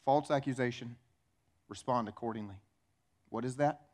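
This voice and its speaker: A man preaching a sermon as pastor, animated, acting out little dialogues in changing voices. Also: mid-range voice, moderate pace. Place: church.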